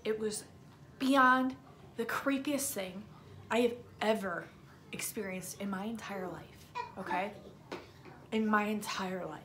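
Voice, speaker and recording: A woman vlogger with a sore throat, telling a story to her viewers in an emphatic, casual way and sometimes dropping into a hushed whisper. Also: medium pitch, slow, pauses often, slight background noise.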